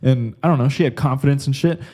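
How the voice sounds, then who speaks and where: A man's voice: medium pitch, fast, dark tone. A young man hosting a podcast, telling stories in a rambling, crude, casual monologue. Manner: rambling, crude, says "like" and "bro" constantly. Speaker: podcast host.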